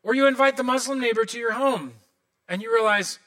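Pastor, male, high and bright tone, animated sermon storytelling with comic asides. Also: brisk.

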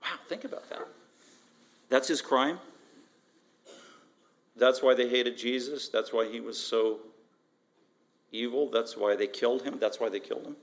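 A man preaching an expository sermon as pastor, emphatic and animated, repeating phrases and asking rhetorical questions. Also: medium pitch, unhurried, pauses often. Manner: emphatic, animated, with frequent repetition.

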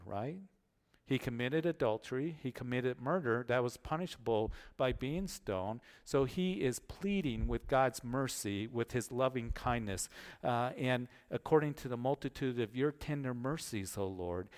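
A male pastor giving an earnest verse-by-verse Bible teaching, often repeating words and pausing on fillers as he explains. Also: medium pitch.

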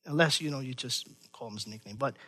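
A middle-aged man preaching a sermon as pastor, swinging from loud emphatic lines to quiet, hushed asides. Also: mid-range voice, fast, faint music behind.

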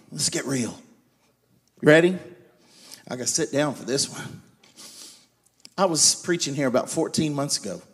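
A man preaching a sermon, swinging between loud emphatic lines and quiet confiding storytelling. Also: medium pitch, moderate pace, long pauses, slightly rough. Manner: animated, loud and emphatic, then quiet and confiding when telling his story. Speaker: guest preacher.

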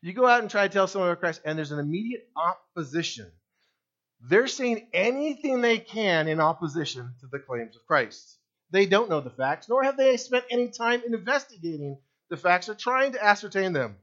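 A man preaching a sermon in a high, lively voice that swings widely as he presses his points. He fires rhetorical questions at his listeners. The recording sounds dull and lo-fi. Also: moderate pace. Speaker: pastor.

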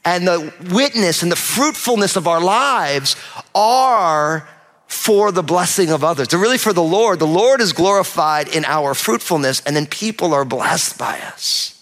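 A middle-aged pastor from New Jersey preaches with a lively, conversational delivery, slipping into quoted voices to make his points. His voice sits a bit high for a man. It rings out with a long reverb across a large church hall. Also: measured pace. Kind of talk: sermon.

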